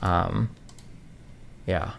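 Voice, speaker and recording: A man's voice: sits low, fairly even intonation, vocal fry. A man in a casual, rambling monologue, answering chat questions and swearing freely, with constant fillers. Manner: rapid, profane, heavy on fillers like "like" and "um".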